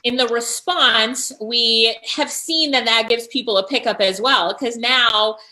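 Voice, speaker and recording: A woman's voice: on the high side, a little slow, pushed and bright, rough recording. Upbeat woman coaching on a live stream. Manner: upbeat, encouraging, reads out viewer comments. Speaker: host and freelancing coach.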